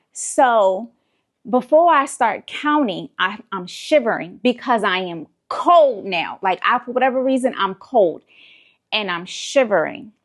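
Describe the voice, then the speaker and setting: A woman's voice: medium pitch, takes it slowly. Exasperated woman telling a story. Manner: animated, exasperated retelling with profanity. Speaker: vlogger. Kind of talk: casual storytelling.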